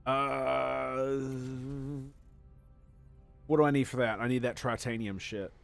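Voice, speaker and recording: A man giving let's play commentary as a gaming streamer, excitable and profane, gushing over every detail. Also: medium pitch, slow pace, vocal fry, clear, resonant tone, soft background music.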